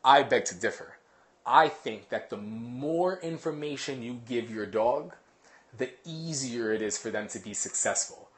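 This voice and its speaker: A man working as a dog trainer, casually explaining to a live audience in a quick, animated way, full of analogies. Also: medium pitch.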